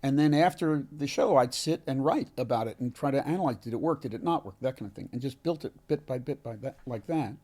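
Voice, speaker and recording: A man, an actor being interviewed, telling a heartfelt story in an earnest, halting way with many restarts. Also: medium pitch, darkish tone. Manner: halting, frequent restarts and self-corrections. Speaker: actor, podcast guest.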